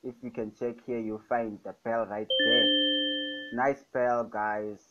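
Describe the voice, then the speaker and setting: Heavy background noise and loud music surround this young man's casual tutorial on producing music. His mid-range voice barely moves in pitch and runs a little slow, the highs cut off, as he eagerly repeats "fire, guys."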